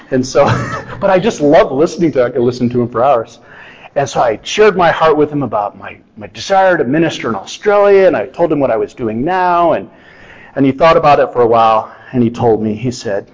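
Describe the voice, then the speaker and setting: A middle-aged man delivers a sermon as a pastor, speaking conversationally rather than formally. His voice sits in a mid-range pitch, and he keeps an animated, lightly humorous tone throughout. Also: normal speed, muffled recording. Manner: conversational, animated preaching with self-deprecating humor.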